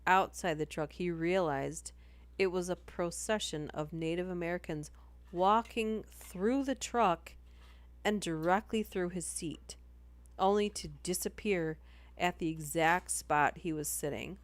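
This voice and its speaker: Woman, lowish voice, casual livestream ghost story reading, chatty, giggly between passages. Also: measured pace, no room sound. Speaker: streamer reading ghost stories.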